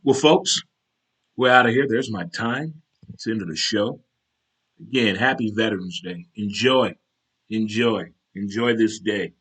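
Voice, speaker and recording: A man hosting his own casual talk show, animated and chatty, breaking into military cadence chants. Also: on the low side, a little slow, breathy edge. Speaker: show host.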